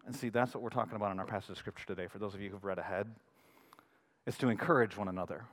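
Animated pastor preaching in a reverberant hall. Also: male voice, lowish voice, very fast. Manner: storytelling, builds to loud excited outbursts. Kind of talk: sermon.

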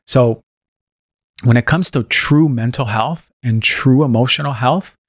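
A man's voice: medium pitch, a little slow, breathy edge, dry recording, clean studio sound. A man speaking as a podcast guest in impassioned casual talk, stressing words and acting out quoted voices. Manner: emphatic, acts out quoted voices. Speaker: podcast guest, health practitioner.

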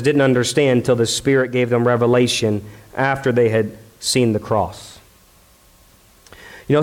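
A male pastor preaching a sermon in a conversational, dramatic way, asking the crowd questions and acting out the voices he quotes. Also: mid-range voice.

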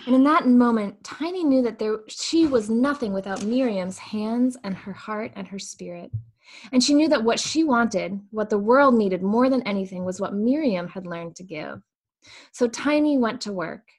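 A woman leads a worship service, first telling a story and then guiding the congregation through a slow meditation. Her delivery is soft and unhurried, with a calm, measured rhythm. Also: fairly high pitch. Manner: gentle, slow guiding cadence. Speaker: worship leader. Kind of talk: storytelling sermon and guided meditation.

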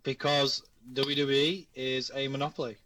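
Bright-toned man, halting co-host. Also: mid-range voice, little pitch movement. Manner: halting, restarts often. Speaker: podcast co-host. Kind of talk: casual podcast chat. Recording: distant mic in a dry room.

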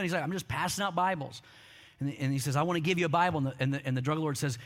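A man's voice: a little high, animated, fast, fairly bright tone. A middle-aged man preaching a sermon, telling stories with quoted voices and calling on the congregation to respond. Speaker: pastor.

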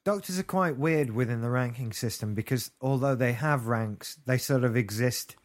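A man's voice: mid-range voice, normal speed. A British man chatting casually as a podcast co-host, with wry, jokey asides. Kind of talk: casual chat.

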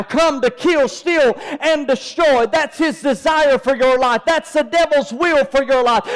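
A man preaching a sermon, asking his congregation rhetorical questions. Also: very high-pitched. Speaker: pastor. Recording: long hall reverb.

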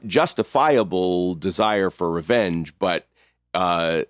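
A man co-hosting a casual talk about music, speaking thoughtfully with fillers and soft laughs. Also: sits low, animated, slow pace, clean tone. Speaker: podcast co-host. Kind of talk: casual chat.

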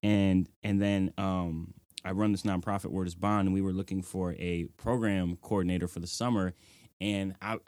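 A young man with a low voice tells stories from his own life in an interview. He speaks earnestly and fills his sentences with "like" and "you know". The recording is close and dry. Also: steady tone, normal speed, a little mellow, dry recording. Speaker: nonprofit executive director, guest. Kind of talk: reflective interview storytelling.

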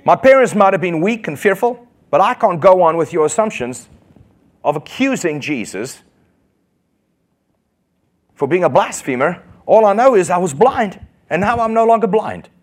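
Defiant healed beggar, sarcastic and unafraid, as a preacher puts him on in a sermon. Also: male voice, high voice, lively intonation, normal speed, pauses often, voice pushed up.

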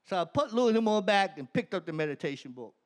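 A man telling his personal testimony to an audience, animated and often laughing mid-sentence as the story builds. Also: sits high, fast talker. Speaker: speaker giving a personal testimony.

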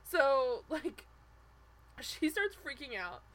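A young woman co-hosting a podcast, chatting casually about a reality show, animated and full of "like" and quick restarts. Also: sits high. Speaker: podcast co-host.

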